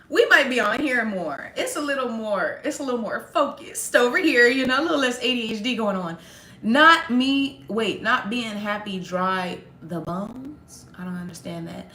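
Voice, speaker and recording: A young woman chatting casually to viewers on a livestream, sarcastic and quick to laugh. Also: on the high side, bright, forceful tone, reverberant. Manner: sarcastic, laughs often, talks straight to viewers. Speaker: livestream host.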